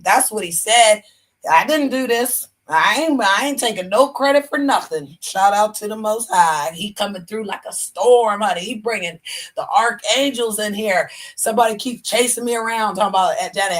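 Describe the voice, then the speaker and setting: Sassy woman livestreamer, bright voice. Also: mid-range voice. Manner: sassy and emphatic, says "honey" often; talks straight to her chat. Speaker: livestream host. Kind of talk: casual livestream monologue with preaching.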